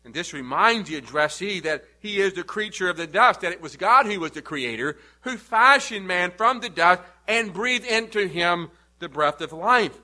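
A man's voice: high voice, lively intonation, normal speed, hardly any pauses, bright, forceful tone, rough recording. A man preaching an expository sermon, building to emphatic repeated questions.

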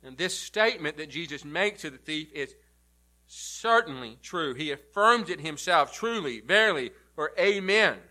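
A male pastor preaching a sermon, emphatic, rising loud and then dropping to a low, quiet delivery. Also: lively intonation, normal speed.

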